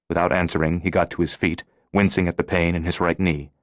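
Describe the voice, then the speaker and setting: Deep-voiced male audiobook narrator. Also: level tone, fast, no room sound, studio quality. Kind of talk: scripted narration.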